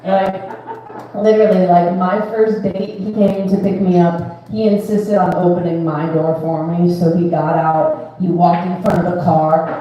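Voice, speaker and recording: A woman's voice: on the low side, fairly even intonation, unhurried, muffled recording. Teasing woman comic in an echoey club. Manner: bubbly, teasing, laughs between lines. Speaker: comedian and emcee. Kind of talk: stand-up set. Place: comedy club stage. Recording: echoey room, distant mic.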